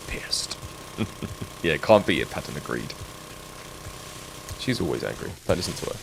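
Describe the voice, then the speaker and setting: Deep male streamer, lively chatty joking tone, loud game engine and tool noise behind. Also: moderate pace, creaky, pauses often. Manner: chatty, joking, talks to viewers while playing. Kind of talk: live gameplay stream chat.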